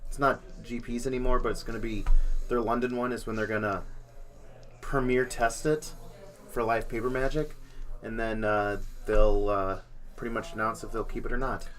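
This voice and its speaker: A man's voice: medium pitch, fairly even intonation, normal speed, fairly bright tone. Joking male card-game commentator. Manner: casual, jokey, hums sound effects. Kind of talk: live play-by-play commentary.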